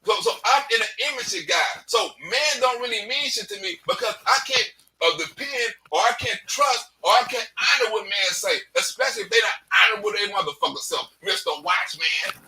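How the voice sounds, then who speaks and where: A man with a very high, piercing voice delivers a heated, unscripted rant to his channel's viewers. He often shouts, swears freely and keeps firing a tag question at the listener. He sits some distance back from the mic. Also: normal speed. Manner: profane and blunt. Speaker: comedian and YouTuber. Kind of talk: preachy unscripted rant to camera.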